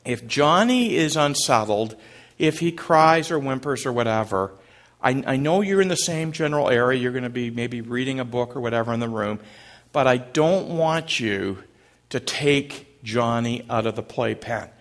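A man's voice: medium pitch, moderate pace, a bit bright, natural voice. A man voicing a young mother giving firm but kind instructions in a spoken story.

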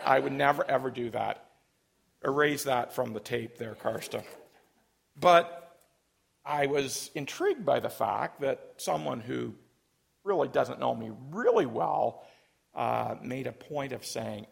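A man's voice: mid-range voice, measured pace, vocal fry, breathy edge. A man preaching a sermon as pastor, emphatic and leading his congregation in call and response. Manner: emphatic, rising to loud peaks.

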